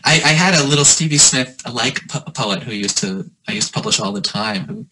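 A man's voice: mid-range voice, sing-song, sharp tone, rough recording. A man, a poet and editor, chatting with restarts and reading a poem aloud on a video call. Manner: halting, self-deprecating, with restarts. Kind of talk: casual chat and poetry reading. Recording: video call with noticeable background noise.

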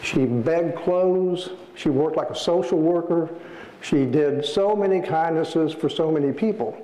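A man, an author, giving a storytelling lecture in an animated way, acting out the people in his stories. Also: fairly high pitch, measured pace. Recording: echoey hall, faint ambience.

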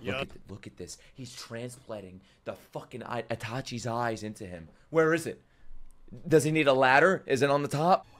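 A man reacting to an anime episode live, excitable and swearing a lot as he talks back at the screen. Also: mid-range voice, normal speed.

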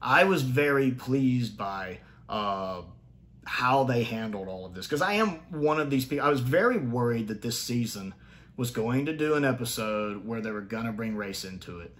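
A man talks through a TV episode in a casual, opinionated review, thinking out loud, often restarting, and jumping up in pitch to drive points home. His delivery is expressive at a normal speed, with a fairly bright tone.

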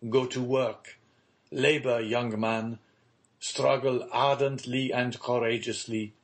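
A grave, resigned aging father in a storybook reading, as a male narrator puts him on. His slow, measured words carry a sober weight, at a middling pitch. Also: fairly even intonation. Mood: solemn.

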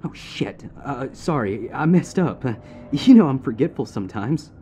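A man's voice: medium pitch, animated, normal speed, dark tone, faint music behind, voice pushed up, lightly acted. A man voicing a monster that pretends to be a young stallion boyfriend and talks in a coaxing, pleading way. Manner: pleading, then threatening.

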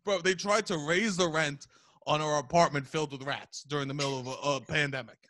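A man, hosting a podcast in casual chat, loud and profane, telling animated stories. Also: on the high side, a little fast. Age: 30s. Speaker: podcast host.

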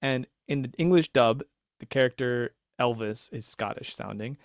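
A man co-hosting a casual podcast discussion, talking in an animated, rambling way with restarts and laughs. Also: mid-range voice, normal speed, dry recording, studio quality. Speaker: podcast co-host.

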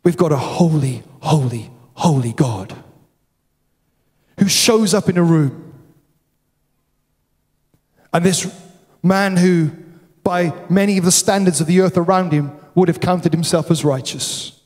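A man preaching a sermon, stressing his points by repeating words, sometimes dropping to a hushed, solemn tone. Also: fairly high pitch, a little slow, pauses often. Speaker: pastor. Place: church hall. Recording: long hall reverb.

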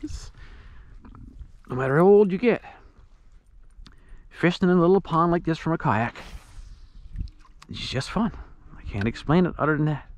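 Excitable man fishing from a kayak. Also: on the high side, normal speed, long pauses. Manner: excitable, talks to his dog and viewers while reeling in fish. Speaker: outdoors vlogger. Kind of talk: casual running commentary while fishing. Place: outdoors on a pond in a kayak.

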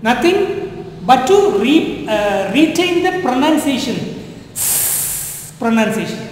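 Male French teacher, high voice, slow and repetitive, recorded in a very echoey room with long reverb. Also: very animated, slight background noise. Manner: repetitive, drilling, asks "understand?". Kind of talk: classroom-style language lesson.

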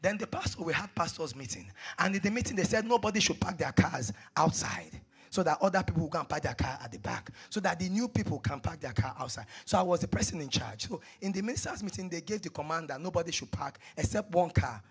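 A man preaching a sermon, repeating phrases and swinging between hushed asides and shouted exhortations. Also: fairly high pitch, very animated, quick pace, slightly rough.

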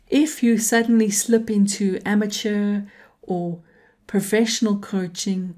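A woman coaching instructor speaking slowly and deliberately, with a mellow, relaxed tone. She stresses key points calmly and now and then drops to a soft whisper for emphasis. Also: mid-range voice. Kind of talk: tutorial talk to camera.

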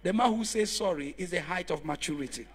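A man preaching a sermon in church, telling stories and rising to shouts as he calls on the congregation. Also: high voice, lively intonation, a little fast. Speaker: pastor.

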